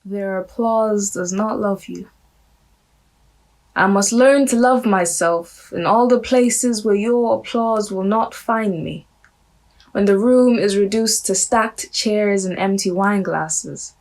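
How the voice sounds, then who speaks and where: A woman performing a spoken word poem in a measured, reflective recitation. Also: medium pitch, darkish tone, poor audio.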